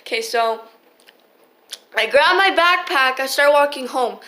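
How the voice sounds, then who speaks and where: High bright-voiced teen girl rambling. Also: expressive, unhurried. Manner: rambling, swears a lot, many restarts. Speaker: vlogger. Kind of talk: casual storytime. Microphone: phone.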